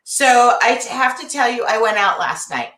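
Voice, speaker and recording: A woman hosting a casual livestream from her art studio, chatty and greeting viewers by name, her voice jumping high when excited. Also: normal speed, echoey room. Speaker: host.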